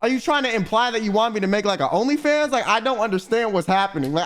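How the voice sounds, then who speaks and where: A man's voice: sits high, fast talker, a bit bright. A young man streaming, reading viewer confessions aloud and reacting with profane, exasperated commentary. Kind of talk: casual livestream commentary.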